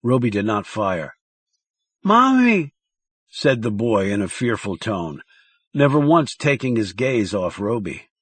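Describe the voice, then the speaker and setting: A man reading a thriller audiobook in a measured, dramatic narration style. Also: on the low side, husky, dry recording.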